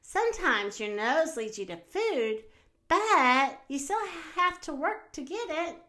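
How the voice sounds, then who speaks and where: A woman doing a gentle grandmother bear who praises and teaches her cub with warm patience. Her lines are lifted and sing-song, swooping high on every word of praise. She speaks slowly and clearly, like a picture book come to life. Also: sing-song, heavily acted. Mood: encouraging.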